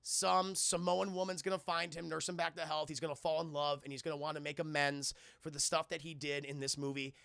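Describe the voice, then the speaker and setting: Animated streamer with a gravelly voice. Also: male voice, on the high side, a little fast, few pauses, no echo, studio quality. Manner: animated, profane, addresses chat often. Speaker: streamer and film reviewer. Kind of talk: casual live-stream film recap.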